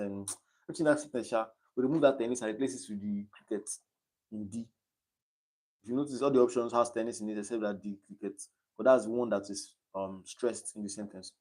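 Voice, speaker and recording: Teen Nigerian guy, low mellow voice, livestream study session, thinks aloud. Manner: thinks aloud, reading quiz options aloud and chatting between them. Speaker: exam candidate streaming his study session. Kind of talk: casual livestream tutoring.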